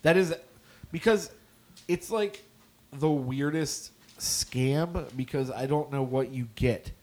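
A man co-hosting a casual podcast, joking and reacting quickly. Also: fairly high pitch. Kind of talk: casual chat.

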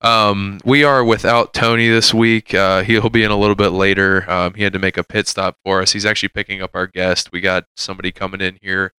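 A man's voice: low voice, level tone, a little fast, few pauses, sharp tone, clear, resonant tone, no echo. A young man hosting a podcast in loose, rambling casual chat, swearing and laughing often. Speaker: podcast host.

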